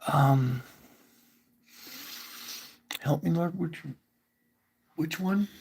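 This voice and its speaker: A livestream host explains things at length in a casual way, drifting off topic, starting over, and repeatedly checking in with his listeners. His gravelly voice has a touch of fry and sits on the high side, with a darkish tone and a very slow, unhurried pace.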